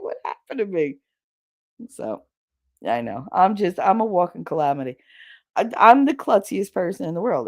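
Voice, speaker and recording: This is a woman hosting a relaxed livestream and chatting straight to her viewers. Her voice moves freely from high to low, with frequent laughter and casual swearing. The talk stays loose and conversational throughout. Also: creaky. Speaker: livestream host.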